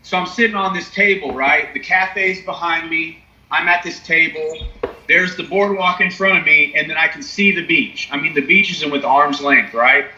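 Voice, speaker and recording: A man's voice: on the high side, normal speed, pushed and bright. A young man telling a personal recovery story in casual, profane chat, often asking "you know what I mean?". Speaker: podcast co-host. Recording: echoey, dull lo-fi sound.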